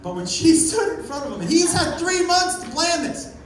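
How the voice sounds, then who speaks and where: A man telling a story in a stand-up set, punchy and loud at times, swearing freely. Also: very high voice, big pitch swings, normal speed, slight background noise. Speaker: stand-up comedian. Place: comedy club stage with a live audience. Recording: echoey, distant live club recording with a loud crowd.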